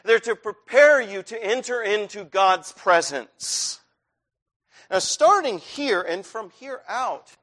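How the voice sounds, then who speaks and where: A man's voice: sits high, fairly bright tone. A middle-aged man preaching a sermon in a church, talking in a conversational way that builds to intense stretches.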